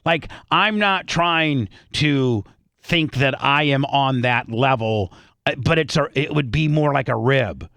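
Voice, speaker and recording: A man hosting a radio show in casual banter, halting and repeating himself, poking fun at himself, speaking into a studio microphone. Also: medium pitch, fairly bright tone, no room sound. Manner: halting, repeats words, self-deprecating. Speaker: radio host.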